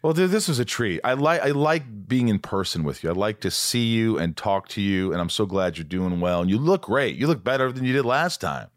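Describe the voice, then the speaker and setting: A man in his fifties hosting a podcast, chatting casually and excitably with his guest. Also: lowish voice, a little fast, few pauses, no echo, clean studio sound. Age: 50s. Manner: chatty and excitable, jumps in with questions. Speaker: podcast host. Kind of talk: casual interview chat.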